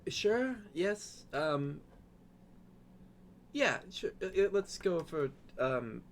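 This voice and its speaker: A weary young woman, worn out and just out of bed, answers with a higher, hesitant voice that keeps trailing off, as a man puts her on at the game table. She fumbles her words but stays polite. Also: sing-song, slow, a little hiss or hum, exaggerated voice. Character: tired young woman doing charity work.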